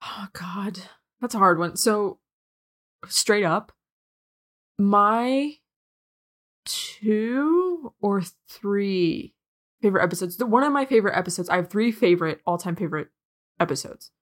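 A woman co-hosting a podcast in casual chat, excitable, swearing freely and laughing often. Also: mid-range voice, a little slow, pauses often. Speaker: podcast co-host.

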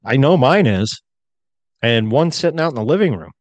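A man's voice: mid-range voice, lively intonation, moderate pace, no room sound. A man co-hosting a podcast in a crude, rambling casual chat. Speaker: podcast co-host.

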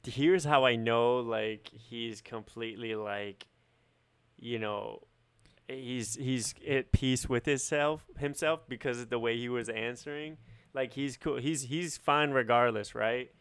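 A man's voice: medium pitch, takes it slowly, fairly bright tone, smooth. A man co-hosting a podcast, chatting casually and rambling with lots of filler words. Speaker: podcast co-host. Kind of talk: casual chat.

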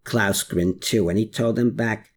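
A narrator reading a novel chapter in a steady storytelling manner. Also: mid-range voice, measured pace, a little hiss or hum. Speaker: audiobook narrator. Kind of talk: scripted narration.

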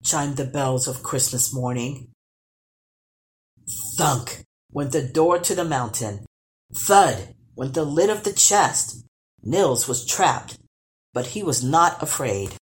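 A woman storyteller reading a children's storybook aloud with expressive, animated narration. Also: a bass voice, slow, pauses often.

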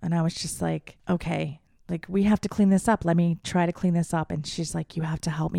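A woman's voice: lowish voice, fairly even intonation, fairly quick, gravelly, hardly any pauses, warm tone, dry recording, clean studio sound. A young adult woman hosting a podcast, telling a personal story candidly, swearing freely and acting out what people said. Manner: candid, swears freely, acts out quoted voices. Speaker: podcast host.

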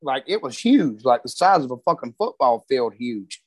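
A man's voice: medium pitch, sing-song, moderate pace, no room sound, rough recording. A man telling a story in casual, profane talk, full of Southern grammar and heavy cursing.

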